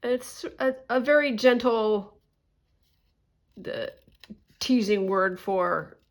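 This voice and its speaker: A woman's voice: mid-range voice, drawn-out words. A woman with a Canadian accent chatting casually and rambling a bit as a crafting vlogger, often self-deprecating. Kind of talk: casual chat while drawing.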